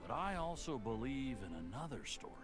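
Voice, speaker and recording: An actor playing a calm townsman in a game, telling an old story in a dreamy, storytelling way. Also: medium pitch, brisk, faint music behind, lightly acted. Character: calm man who believes the sea is home. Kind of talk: game voice acting.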